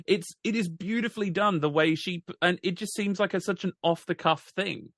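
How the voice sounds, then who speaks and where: Bright-voiced male podcast co-host. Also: sits high, a little fast, no room sound. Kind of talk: casual chat.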